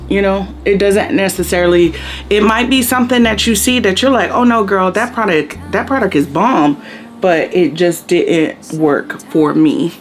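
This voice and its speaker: Chatty woman beauty vlogger. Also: fairly low pitch. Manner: chatty and relaxed, with slangy asides. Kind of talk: casual makeup chit-chat.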